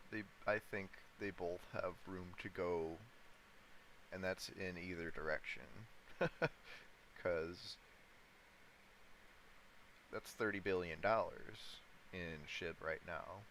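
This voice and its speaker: A livestreamer day-trading crypto speaks slowly in a low voice with a bright edge, thinking aloud and talking to his chat with fairly even intonation. He chuckles often between remarks, over a faint background hum on a low-quality recording.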